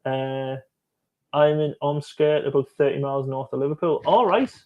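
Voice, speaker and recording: A man's voice: on the high side, moderate pace, muffled recording. A man hosting a casual live stream, joking and chatting as he reacts to music videos and reads out viewer comments.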